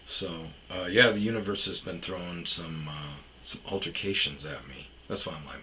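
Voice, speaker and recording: A man's voice: rumbling low, normal speed, bright, forceful tone, slight background noise, rough recording. A man telling a personal story in casual, rambling talk, swearing often and filling gaps with ums and uhs. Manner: rambling, heavy swearing, many fillers. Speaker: storyteller host.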